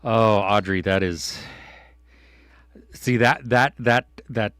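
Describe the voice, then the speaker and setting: A man co-hosting a casual live stream, reading viewers' comments and swinging from excited outbursts to low mutters. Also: slow pace, clear, resonant tone, dry recording, studio quality. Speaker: podcast co-host reading live chat. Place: home studio.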